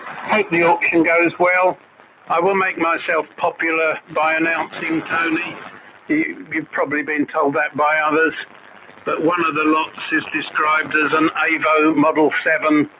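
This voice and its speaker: A man's voice: fairly high pitch, level tone, a little slow. A man running an amateur radio net, giving signal reports and chatting in a friendly way. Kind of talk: casual radio net chat. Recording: heavy static on muffled AM shortwave reception.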